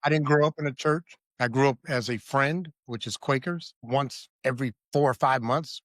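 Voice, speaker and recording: A man's voice: mid-range voice, moderate pace, fairly bright tone, no room sound. A man in mid-range tells his own story as a podcast guest. He is blunt and vivid, and often stops to ask if the listener is with him. The room sound is dry and close. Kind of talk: candid personal storytelling.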